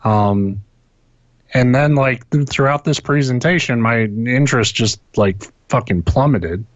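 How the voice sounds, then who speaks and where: A mid-range male voice at a measured pace co-hosts a podcast over an internet call, rambling through casual video game talk with lots of swearing and restarted sentences. There is no room sound, and the audio is dull.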